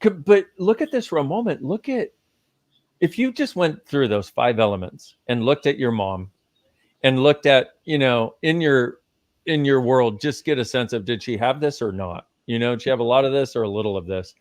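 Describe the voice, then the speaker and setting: A man's voice: mid-range voice, animated, moderate pace, dry recording. A man speaking as a guest in a live conversation, teaching with emphasis and casual swearing.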